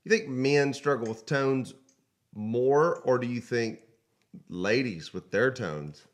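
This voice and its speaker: A man's voice: mid-range voice, slow. A man co-hosting a casual morning talk show, reading viewer comments aloud and laughing often. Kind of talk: casual chat.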